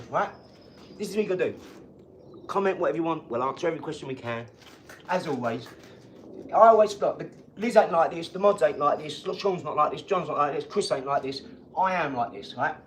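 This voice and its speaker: A man hosting a casual live stream from his home garage, talking in an energetic, rambling, chatty way. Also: a little high, a little hiss or hum. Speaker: livestream host.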